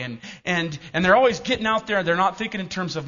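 A man's voice: sits high, quick pace, hardly any pauses, sharp tone. A middle-aged male pastor preaching a sermon in a church, telling stories and asking the congregation questions. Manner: storytelling, asks the congregation questions. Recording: dull lo-fi recording.

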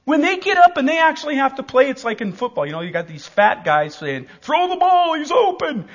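A man in his forties preaching a sermon in an animated, emphatic, joking way. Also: very high voice, fast, in a large hall, highs cut off.

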